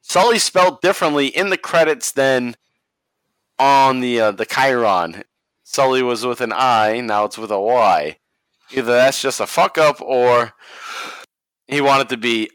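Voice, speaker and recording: A man with a Boston accent, talking loosely as a podcast co-host and chuckling between remarks. His voice sits at an ordinary middle pitch. The sound is dry and close, with no room behind him. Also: a little slow, fairly bright tone, clean tone, no room sound. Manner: laughs often, swears casually. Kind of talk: casual chat watching wrestling.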